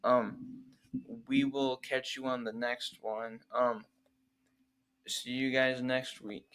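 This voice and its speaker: A young man with an ordinary mid-pitched voice chats easily on a podcast. He drops in frequent fillers and sounds close to the mic. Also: level tone, takes it slowly, a bit bright, smooth. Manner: easygoing, filler-heavy. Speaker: podcast co-host. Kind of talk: casual chat.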